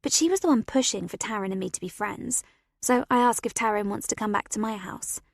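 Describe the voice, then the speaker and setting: A woman narrating a first-person story as an audiobook reader, expressive and animated, on a close studio mic. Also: mid-range voice, a little fast, vocal fry, dry recording.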